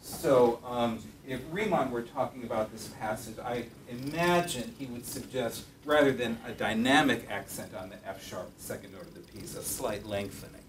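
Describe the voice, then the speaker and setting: The speaker is a middle-aged music professor lecturing in a classroom that has a piano. He talks at a moderate pace with hardly any pauses in a medium pitch, thoughtfully, often using fillers and correcting himself. The recording is roomy and distant, with a little hiss or hum.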